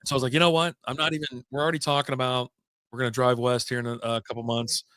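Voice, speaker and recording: A man's voice: medium pitch, little pitch movement, very fast, fairly bright tone, dry recording. Rambling man on a dry close mic. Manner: rambling, jumps between stories, swears casually. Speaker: podcast host. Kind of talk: casual beer chat.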